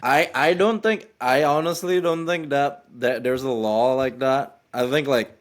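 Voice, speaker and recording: A man from Indonesia on a laid-back podcast, reacting warmly to a friend's story and offering his view. He speaks at a middle pitch and sometimes stops to hunt for a word. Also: a little slow. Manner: sympathetic, brief backchannels, searches for words. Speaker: podcast co-host. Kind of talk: casual chat.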